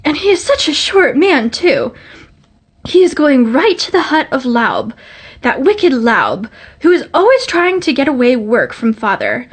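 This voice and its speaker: A woman's voice: sing-song, breathy edge, exaggerated voice. A woman voicing an eager, breathless eleven-year-old peasant girl in a storybook reading. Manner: breathless, pleading, high and quick.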